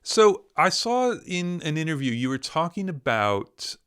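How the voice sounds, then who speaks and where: A man's voice: fairly high pitch, big pitch swings, measured pace, a bit bright, clear, resonant tone. A man hosting an interview over a video call, curious and asking follow-up questions. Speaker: interviewer, host. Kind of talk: conversational interview.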